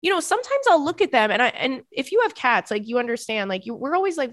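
A young woman hosting a podcast in casual chat, animated and prone to high, squealing laughter, recorded close on a microphone. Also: fast, hardly any pauses, dry recording. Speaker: podcast host.

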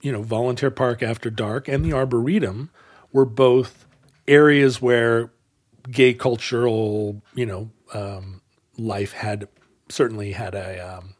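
A man's voice: medium pitch, fairly even intonation, measured pace. A man co-hosting a podcast, talking in a casual, wry way with many fillers and restarts. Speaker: podcast co-host. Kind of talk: casual chat.

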